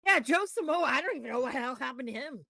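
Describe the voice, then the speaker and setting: A woman's voice: high-pitched, lively intonation, quick pace, creaky, bright, forceful tone, dry recording, studio quality. Profane, ranting woman podcaster. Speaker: podcast co-host. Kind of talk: casual wrestling chat.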